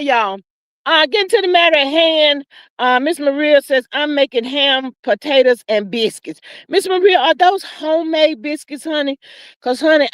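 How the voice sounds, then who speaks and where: An older woman with a drawl chats to her livestream viewers in a high, lively voice. She is folksy and animated, calling everyone honey and child. The sound is close and dry, with no room around it. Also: no echo. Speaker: livestream host. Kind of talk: casual livestream chat.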